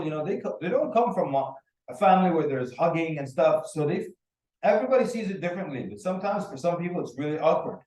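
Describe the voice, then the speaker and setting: Animated male storyteller in an echoey room. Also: a little high. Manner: animated storyteller who acts out the people in his stories. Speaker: workshop speaker. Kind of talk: anecdotal teaching talk. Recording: roomy echo, mic at a distance.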